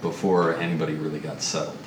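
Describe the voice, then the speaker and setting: A man acting as game master, giving relaxed, explanatory narration of a tabletop game. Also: very deep voice, fast talker. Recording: roomy distant recording with noise.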